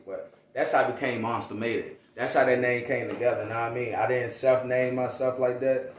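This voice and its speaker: A man's voice: mid-range voice, steady tone, brisk, few pauses. A man who raps, from Virginia, telling stories in a casual, slangy way and acting out the voices of people he quotes. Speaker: rapper. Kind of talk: casual storytelling interview. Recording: roomy echo, distant mic.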